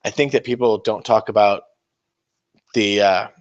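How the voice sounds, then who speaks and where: A man's voice: lowish voice, steady tone, moderate pace, lo-fi sound. Profane, rambling man chatting while painting. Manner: rambling, profane, self-mocking banter. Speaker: miniature-painting livestream host. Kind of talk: casual live-stream chat while painting.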